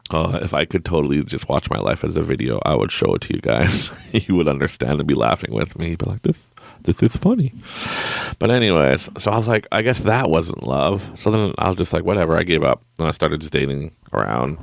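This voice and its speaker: Young guy podcast host, deep voice, animated and lively, laughs at himself a lot, dry close sound. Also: fast, gravelly, few pauses, no echo. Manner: laughs often, animated and self-mocking. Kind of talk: casual storytelling monologue.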